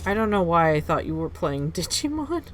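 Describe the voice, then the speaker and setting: A woman in her thirties, live-streaming a game and chatting in a casual, animated way that reacts loudly to the game. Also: lowish voice, normal speed.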